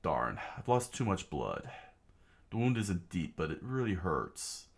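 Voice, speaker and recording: A man voicing a wounded, worn-out young swordsman musing to himself in a low, tired way while reading a comic aloud. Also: big pitch swings, a little slow, gravelly, exaggerated voice. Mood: weary.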